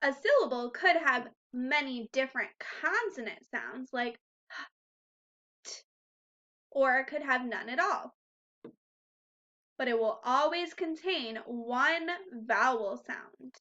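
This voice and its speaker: A woman's voice: high-pitched, expressive, slow pace, pauses often, pushed and bright, muffled recording. A woman teaching a first grade phonics lesson to young children in a patient, encouraging way. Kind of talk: recorded online phonics lesson.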